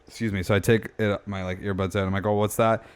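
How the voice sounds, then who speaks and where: A young man co-hosting a podcast, telling a story in a casual, animated way, swearing and laughing as he acts out what people said. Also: on the low side, fast talker, clean tone. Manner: animated, swears a lot, laughs often, acts out quotes in a raised voice. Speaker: podcast co-host.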